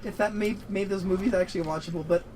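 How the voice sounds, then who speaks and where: Young male co-host, high voice, loose profane rambling chat over a light noise floor. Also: steady tone, quick pace, a little mellow, poor audio. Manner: rambling, profane, laughs often. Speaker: podcast co-host. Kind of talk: casual gaming chat.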